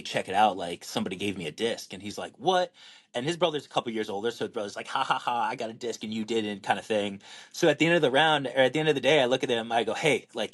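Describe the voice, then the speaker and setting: Young dude on a podcast, storytelling all animated, lots of likes and ums. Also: male voice, medium pitch. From Washington state, USA. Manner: animated storyteller, acts out quotes, lots of fillers. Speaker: podcast co-host and pro disc golfer. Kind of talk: casual storytelling chat.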